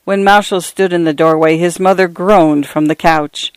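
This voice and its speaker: A woman narrating short stories as a radio reader, in a measured, clear, even delivery. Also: on the low side, dry recording.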